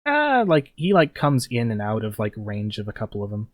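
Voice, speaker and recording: A man's voice: lowish voice, a little fast, no room sound. A young man narrating as game master at a tabletop game, talking loosely with many fillers. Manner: loose and rambling, full of fillers.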